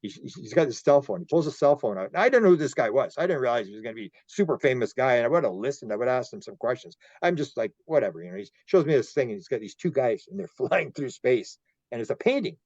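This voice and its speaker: Canadian guy telling stories on a podcast, stumbles and repeats himself, mellow voice, bit muffled. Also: medium pitch, expressive, fast, no room sound. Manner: rambling, repeats words, acts out quoted dialogue. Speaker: podcast guest, UFO researcher. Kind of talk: storytelling interview.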